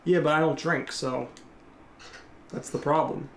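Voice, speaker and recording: A man's voice: a little high, steady tone, a little slow, pauses often, reverberant, slight background noise. A man giving live, rambling gameplay commentary and chatting casually with his viewers. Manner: rambling, casual, reads and answers chat. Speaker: gameplay streamer.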